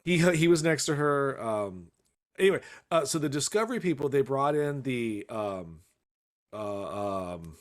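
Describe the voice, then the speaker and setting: A man co-hosting a podcast in loose, casual chat. He rambles, restarts his sentences and swears offhandedly, in a voice of ordinary pitch for a man. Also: lively intonation, unhurried. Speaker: podcast co-host.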